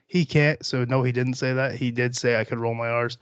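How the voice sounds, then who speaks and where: Rambling, swearing podcast host. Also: male voice, mid-range voice, fairly even intonation, a little fast, clear, resonant tone, no echo, highs cut off. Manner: rambling, profane, jokey. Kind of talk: solo rambling podcast chat.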